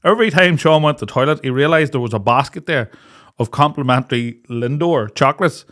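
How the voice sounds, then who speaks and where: A man's voice: mid-range voice, a little fast. A young man, co-hosting a podcast, telling a story in casual chat and acting out the voices of the people in it. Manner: animated storyteller, acts out quoted voices, laughs often. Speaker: podcast co-host.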